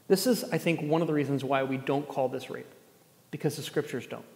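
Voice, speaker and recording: A man's voice: medium pitch, brisk, gravelly, darkish tone. A man preaching a sermon as pastor, earnest, with pointed rhetorical questions and a touch of dry sarcasm. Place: church gathering space. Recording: echoey hall, long reverb.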